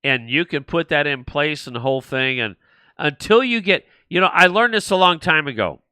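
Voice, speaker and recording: A man's voice: fairly high pitch, expressive, normal speed, sharp tone, smooth, no echo. An older man hosting a political talk show, blunt and rambling, mocking the people he talks about. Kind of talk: political commentary.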